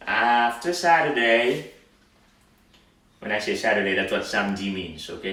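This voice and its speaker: A man teaching a language lesson, saying words slowly and repeating them for practice. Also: lowish voice, expressive, bright, forceful tone. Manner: slow, drawn-out word repetition for practice. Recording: very echoey room, somewhat far from the mic.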